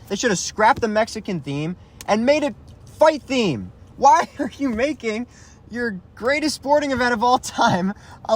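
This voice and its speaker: A man on a heated, profane, casual rant about a sports event, restarting his sentences and calling the listener dude. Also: high-pitched. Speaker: YouTuber ranting about MMA.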